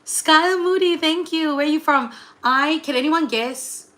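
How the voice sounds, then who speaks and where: A young woman, hosting a casual livestream, chatty and full of fillers, excitedly greeting viewers. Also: high voice, unhurried. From Singapore. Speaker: livestream host and tarot reader.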